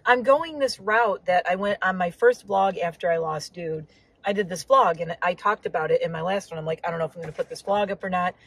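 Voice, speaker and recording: A woman's voice: lowish voice, brisk, slightly rough, no room sound, rough recording. A woman chatting casually while driving, rambling with lots of asides and a slightly sore throat. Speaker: vlogger. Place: inside a car on the road.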